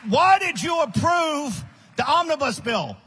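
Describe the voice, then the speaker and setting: A man giving a fiery, combative political speech at a conference, often shouting and scornful. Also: very high-pitched, sing-song, unhurried. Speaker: conference speaker. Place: large conference hall.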